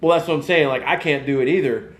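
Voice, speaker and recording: A man, hosting a casual live podcast and rambling in an animated way. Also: fairly high pitch, quick pace, reverberant. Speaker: podcast host. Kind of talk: casual live-stream chat.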